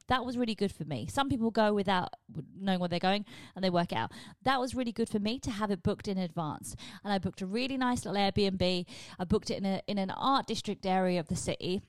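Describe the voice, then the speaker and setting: A woman, talking candidly and casually in a solo podcast, swearing freely and jumping in pitch. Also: dry recording. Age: 40s. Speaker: podcast host.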